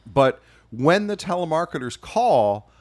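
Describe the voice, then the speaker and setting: A man's voice: a little high, big pitch swings, unhurried, darkish tone. A man co-hosting a casual comedy podcast, joking crudely and slipping into mock-announcer asides. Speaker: podcast co-host.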